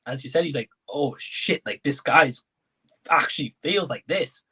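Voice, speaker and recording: Husky-voiced young man discussing a film. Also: a little high, expressive, normal speed, sharp tone. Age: young adult. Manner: hesitant, thinks aloud with fillers. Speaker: co-reviewer. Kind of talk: casual movie discussion.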